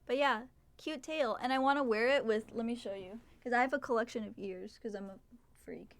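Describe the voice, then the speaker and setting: A woman's voice: a little high, fairly quick. A young adult woman chatting casually to viewers on a livestream, swearing and trailing off, at a desk microphone. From Mexican heritage. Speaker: streamer.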